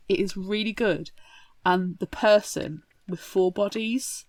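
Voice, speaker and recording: A woman's voice: medium pitch, slow pace, darkish tone, dry recording. A woman co-hosting a book podcast, chatting casually and playfully with frequent jokes. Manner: playful, jokey, laughs often. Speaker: podcast co-host.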